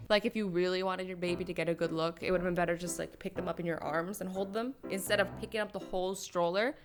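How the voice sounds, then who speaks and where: A woman's voice: medium pitch, fairly bright tone. A woman hosting a reaction video, commenting on clips with incredulous, scolding rhetorical questions. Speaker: YouTube reaction host.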